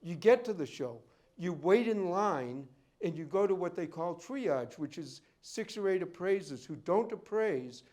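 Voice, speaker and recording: A man's voice: high voice, lively intonation, a little slow, a little mellow. A man who deals in and appraises rare books, telling rambling anecdotes at a library talk. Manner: rambling storyteller, goes off on tangents. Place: library event room.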